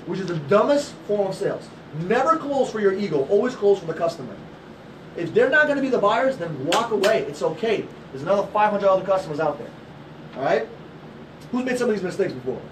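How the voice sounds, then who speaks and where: A man giving a loud, passionate and profane motivational sales talk to a group, firing off rhetorical questions. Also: sits high, recorded from a distance, a little hiss or hum, poor audio. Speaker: sales trainer.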